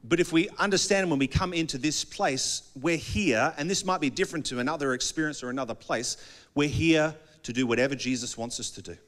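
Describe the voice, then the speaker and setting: A man's voice: a little high, a little fast, a bit bright. Conversational man preaching a sermon. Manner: conversational preaching, often acting out little dialogues. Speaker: pastor.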